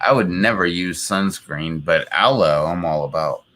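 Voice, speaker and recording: A man's voice: low voice, normal speed, a bit bright. A man co-hosting a live stream, chatting casually in a laid-back way, swearing and laughing often. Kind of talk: casual chat.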